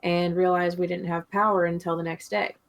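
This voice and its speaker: A woman's voice: on the low side, little pitch movement, fairly quick, vocal fry. A woman co-hosting a podcast, telling a long story in a rambling, chatty way and laughing often. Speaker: podcast co-host. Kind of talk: casual chat.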